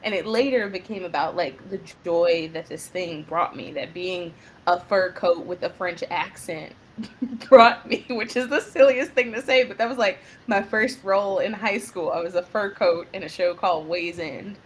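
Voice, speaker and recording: A young woman speaking as a guest playwright in a casual interview, telling stories with lively, animated delivery and frequent laughter. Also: normal speed, a little hiss or hum. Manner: animated storyteller, acts out quotes with big pitch jumps, laughs often.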